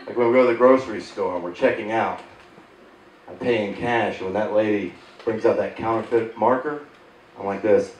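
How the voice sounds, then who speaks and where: A man in his thirties doing a stand-up set on a theater stage, telling animated, sarcastic stories and acting out the people in them. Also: fairly low pitch, fairly quick, slight background noise. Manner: sarcastic, animated storytelling with voiced impressions. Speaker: stand-up comedian. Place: theater stage before a live audience. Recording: roomy theater sound from a distance, loud crowd laughter.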